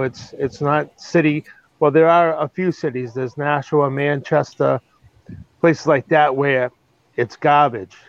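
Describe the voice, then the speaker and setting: A man with a Boston accent calls in, his voice a touch high and blunt. The call audio is dull and lo-fi, with a dry sound and no room echo. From Massachusetts. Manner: blunt, plain-spoken. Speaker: caller, field reporter. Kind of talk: casual phone-in report.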